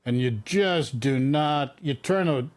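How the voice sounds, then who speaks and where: Slow-talking exasperated male commentator. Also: medium pitch. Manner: exasperated, repeats points. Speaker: political commentary host. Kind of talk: casual political commentary.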